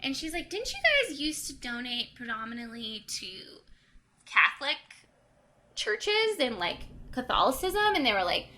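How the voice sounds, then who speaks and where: Young woman podcast host, bright high voice, chatty plot recap with quick character voices. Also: sing-song. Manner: retells the plot, acting out the characters' lines. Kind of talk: casual book recap chat.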